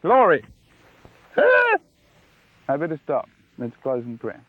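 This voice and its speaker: High-voiced preacher on a tinny old recording. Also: male voice, very slow, dry recording. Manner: animated, wondering, leans into questions to the audience. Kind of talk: sermon. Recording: dry tinny phone-like archive recording.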